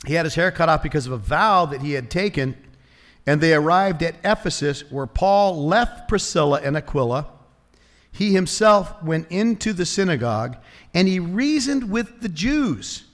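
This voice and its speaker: A man with a fairly high voice preaches to his congregation, talking conversationally and sometimes dropping almost to a whisper. His words ring out with a long echo, as if through a large sanctuary. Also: normal speed. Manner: conversational and animated, dropping to a hush for prayers. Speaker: pastor. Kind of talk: sermon.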